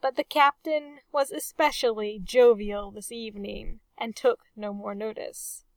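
A jittery young midshipman who stammers out his apologies, as a woman narrator plays him. The voice sits somewhat high and comes at a slow pace. The sound is dry, with no room echo. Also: fairly even intonation, gravelly. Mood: nervous. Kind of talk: audiobook character voice.

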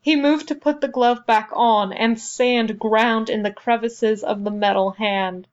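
A woman reading a novel aloud as narrator, in a measured, even storytelling manner. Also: fairly high pitch, lo-fi sound. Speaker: audiobook narrator. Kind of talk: scripted narration.

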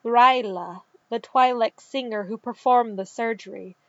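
Slow, calm woman reading a story. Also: a little high, no echo. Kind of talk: scripted narration. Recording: dull, dry recording.

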